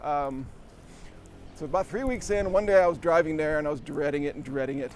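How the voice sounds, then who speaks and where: A man's voice: fairly high pitch, fairly quick, a little hiss or hum. A man telling a rambling, self-deprecating story with little chuckles while riding a bike outdoors, out of breath. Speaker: vlogger. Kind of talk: casual storytelling while cycling.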